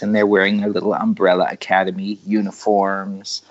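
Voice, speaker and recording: An easygoing man with a lower voice chats casually and pokes fun at himself. His audio is a little dull and lo-fi. He keeps a relaxed, friendly conversational pace. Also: moderate pace. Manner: easygoing, self-deprecating. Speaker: podcast co-host. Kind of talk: casual chat. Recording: dull lo-fi sound.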